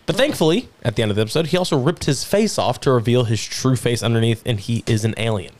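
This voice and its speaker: Lively man running a tabletop game. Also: medium pitch, fast. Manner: animated, laughing, filler-heavy. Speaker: game master. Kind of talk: narrating a tabletop game, casual chat.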